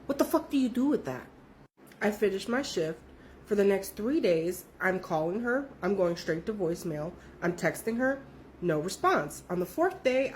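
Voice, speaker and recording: A woman telling a story in a casual, profane, animated way, with her voice jumping up when she quotes people. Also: a little hiss or hum. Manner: animated, profane, jumps high when quoting others.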